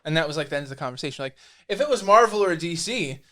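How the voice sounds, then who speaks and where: A comic book writer in a casual interview, telling lively stories and acting out the people he quotes. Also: fairly high pitch, racing. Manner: animated storyteller, acts out quoted dialogue.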